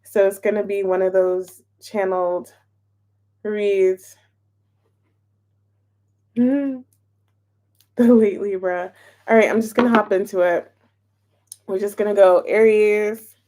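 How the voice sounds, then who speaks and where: A woman's voice: medium pitch, fairly even intonation, slow, long pauses, mellow. A woman giving a casual, playful tarot reading, chatting openly and emotionally as she shuffles and pulls cards. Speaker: tarot reader.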